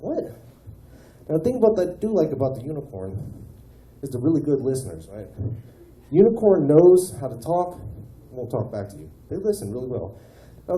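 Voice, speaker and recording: A man performs a stand-up set on a small club stage, tossing "man" into his rambling stories. His tone is dark and mellow, and his pitch leaps around with animation. The room is echoey, with faint ambience behind him. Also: slight background noise. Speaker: stand-up comedian.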